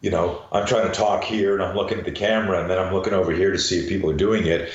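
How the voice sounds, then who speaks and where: Older man, deep voice, talkative, echoey room, muffled sound. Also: steady tone, fast. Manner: chatty, repeats words while thinking. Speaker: guest, self-defense coach. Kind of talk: casual interview. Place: garage.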